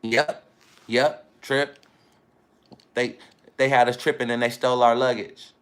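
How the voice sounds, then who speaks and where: A vlogger with a clear, resonant mid-range voice talks casually to his viewers in a self-filmed monologue, at a measured pace with little pitch movement. He rambles and speaks emphatically, often repeating phrases for weight.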